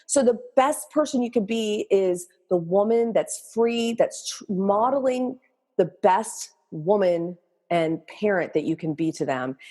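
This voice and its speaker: A woman's voice: medium pitch, a little mellow, breathy edge. A middle-aged woman talking candidly as a guest in a casual podcast interview, telling stories from her life as a mother.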